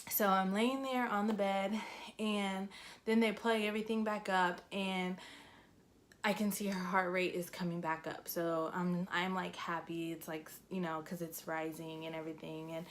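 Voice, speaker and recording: A woman's voice: lowish voice, flat delivery, normal speed, slight background noise. A young woman in her twenties, vlogging a casual story time, chatty and full of fillers, emotional as she retells it.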